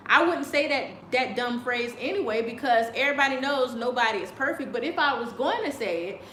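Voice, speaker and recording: A chatty woman riffs with a sassy edge and laughs often. Her voice sits high and bright. The sound is roomy and echoey, with a faint hum behind it. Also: expressive, fairly quick, few pauses, soft background music. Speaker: vlogger. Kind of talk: casual commentary. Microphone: video call on a choppy connection.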